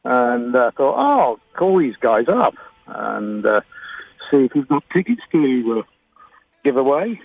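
A man's voice: mid-range voice, sing-song, a little slow, gravelly, no echo. A man calling in to a radio show, speaking hesitantly with many fillers over a phone line. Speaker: caller. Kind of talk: call-in radio chat.

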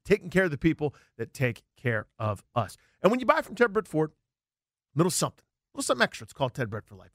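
A male sports radio co-host with a fairly high voice that swings up and down a lot. He jokes around and reads an ad in a punchy way. The studio sound is dry and close. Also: a bit bright, no echo. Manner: jokey, punchy ad delivery. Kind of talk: radio sports talk and live-read ad.

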